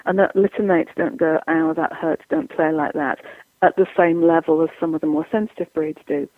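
A woman's voice: low voice, fairly even intonation, normal speed, dry recording. A woman dog trainer giving advice in an interview, chatty and explanatory, acting out what owners and dogs say. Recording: tinny dry phone line.

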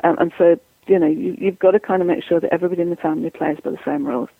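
A woman's voice: on the low side, steady tone, rapid-fire, no echo. Woman dog trainer, chatty advice, tinny phone-line sound, dry close audio. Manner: chatty, explanatory, acts out owners and dogs. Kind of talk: advice interview.

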